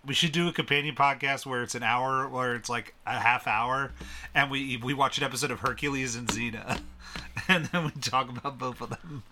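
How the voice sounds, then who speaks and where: A man's voice: medium pitch, normal speed, background noise. A man co-hosting a casual podcast chat about a film, laughing often and restarting his sentences. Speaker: podcast co-host.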